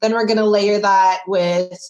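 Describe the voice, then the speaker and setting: A woman guest author explaining her process in a steady, easygoing interview manner. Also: medium pitch, measured pace, muffled recording. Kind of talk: casual interview chat.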